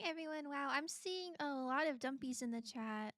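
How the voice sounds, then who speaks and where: A woman's voice: high-pitched, fairly even intonation, normal speed, hardly any pauses, dry recording, clean studio sound. A woman streamer chatting casually with her viewers, laughing often between lines. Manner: giggly, chatty, talks while eating.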